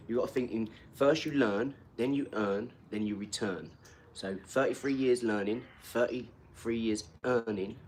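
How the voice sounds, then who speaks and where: A man's voice: fairly low pitch, a little hiss or hum. A man, chatting casually on a live stream and bantering with a troll in his comments.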